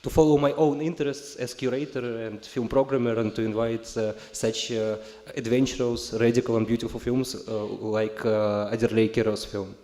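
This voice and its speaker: A man's voice: mid-range voice, flat delivery, moderate pace, dark tone. A man with a Russian accent speaks English as a guest on a festival panel, his speech full of "uh"s and restarts. His voice sits in a middle range and carries the echo of a large hall. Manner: hesitant, many fillers and self-corrections. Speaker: panel guest, film critic and curator. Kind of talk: halting panel talk in a second language. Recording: echoey hall sound.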